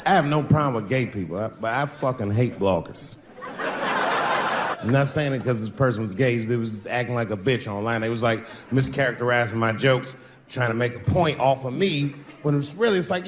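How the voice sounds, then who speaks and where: A man doing a stand-up comedy set, telling loose stories and breaking into sudden shouts before a laughing crowd. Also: mid-range voice, moderate pace, big-room sound, slight background noise. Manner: loose, animated storytelling with sudden shouts and put-on voices. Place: stage before a laughing audience.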